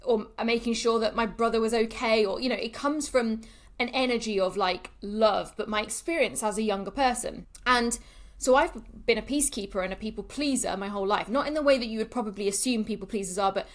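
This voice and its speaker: A woman's voice: fairly high pitch, a little fast. A woman, a coach speaking to camera in a candid, emphatic monologue that swears freely and repeats for effect.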